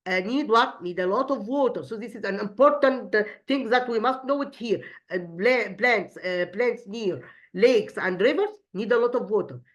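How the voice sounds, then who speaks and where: A woman teacher explains an English lesson, stopping and restarting often and posing questions only to answer them herself. Her voice sits at a middling pitch for a woman. The recording sounds dull and lo-fi. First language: Arabic. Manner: halting, repeats words, asks and answers her own questions.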